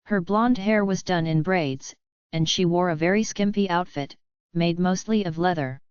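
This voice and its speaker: A woman giving scripted first-person audiobook narration in an even, steady reading. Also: lowish voice, normal speed, clean tone, no echo. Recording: dull lo-fi dry audiobook recording.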